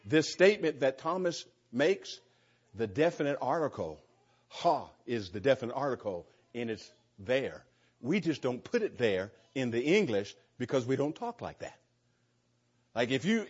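Husky-voiced man teaching Bible study. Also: medium pitch. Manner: earnest, repeats words and restarts often. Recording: slightly dull lo-fi sound.

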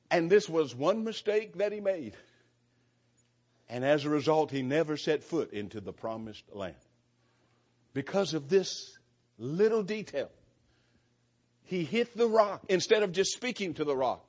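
A man preaching an earnest sermon, reading scripture aloud with emphasis and small restarts. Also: on the high side. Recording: dull lo-fi church recording.

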